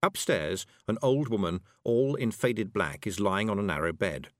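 A man narrating an audiobook in an expressive, measured storytelling manner. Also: on the low side, no echo, studio quality.

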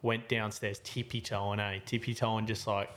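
A man's voice: on the low side, normal speed. A man in his twenties hosting a podcast, telling a story in a rambling, slangy way with lots of fillers and restarts. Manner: animated, voice jumping up and down with the story. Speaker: podcast host. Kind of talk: casual storytelling chat.

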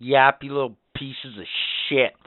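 A man's voice: mid-range voice, steady tone, a little slow, no room sound. A man co-hosting a podcast, ranting with crude, profane comedy. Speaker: podcast co-host. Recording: dry, phone-like lo-fi sound.

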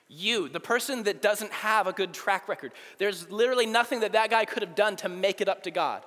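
A man's voice: sits high, a little fast, hardly any pauses, pushed and bright. A young adult man, a youth pastor, preaching a casual, conversational sermon in a church hall. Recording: long hall reverb.

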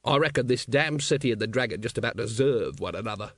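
A man voicing a weary, gruff watch captain. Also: medium pitch, animated, fast talker, a bit bright, no echo. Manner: gruff, dry. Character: weary, bitter sacked male watch captain.

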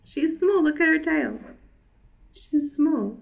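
A woman's voice: sits high, lively intonation, slow pace, gravelly. A woman co-hosting a podcast over a video call, chatting casually, playful and laughing, cooing at her cat. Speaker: podcast co-host. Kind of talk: casual chat.

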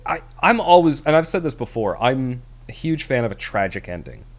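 A man's voice: mid-range voice, sing-song, moderate pace. A man co-hosting a casual movie review chat, rambling with many fillers and restarts. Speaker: podcast co-host.

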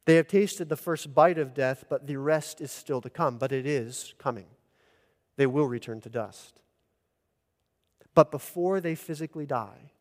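A man's voice: mid-range voice, measured pace. Preaching man in a reverberant sanctuary. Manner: earnest expository preaching, rises for emphasis. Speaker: pastor. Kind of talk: sermon. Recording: long church reverb.

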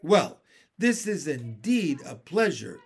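A man reading aloud and voicing a jolly, round old uncle with a loud, cheery manner. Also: fairly high pitch, sing-song, slow pace, breathy edge, full character voice.

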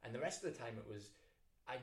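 A middle-aged tattoo artist co-hosting a relaxed podcast, his voice sitting at an average pitch. He tells stories animatedly, restarting sentences and laughing often. The room adds a noticeable echo. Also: fast talker. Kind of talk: casual chat, storytelling. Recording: roomy echo.

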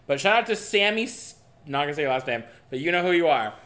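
A young man co-hosting a podcast, telling a dating story in a casual, animated and profane way. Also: fairly high pitch, fast talker. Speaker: podcast co-host. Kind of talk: casual chat.

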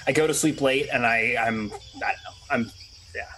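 A man plays a tabletop game online, talking through his choices and stumbling over restarts. His voice sits mid-range and sounds bright. A faint hiss is heard in the background. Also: medium pitch, moderate pace, poor audio. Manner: chatty, thinking aloud, hesitant restarts. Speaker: player. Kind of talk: casual tabletop game play.

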